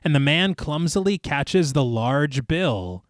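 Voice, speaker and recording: Man, podcast co-host, animated plot recap, dry close mic. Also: on the high side, slow, dry recording. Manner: narrates plot at length, lively.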